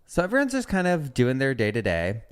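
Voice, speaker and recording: A man's voice: medium pitch, huge pitch swings, a little fast. A man co-hosting a podcast, telling a history story in a campy, profane, chatty way. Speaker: podcast co-host. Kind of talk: casual chat.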